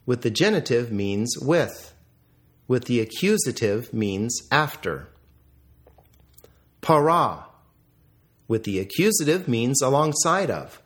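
A man teaching, reviewing vocabulary in a deliberate lecture style with careful pronunciation drills. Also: medium pitch.

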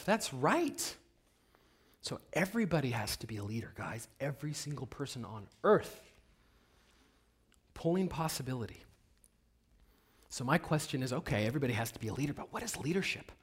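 A man giving a motivational seminar talk to an audience, asking them questions and swinging from hushed whispers to loud, emphatic bursts. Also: mid-range voice, very animated, normal speed, pauses often, husky. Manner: addresses the audience directly with rhetorical questions. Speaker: motivational speaker.

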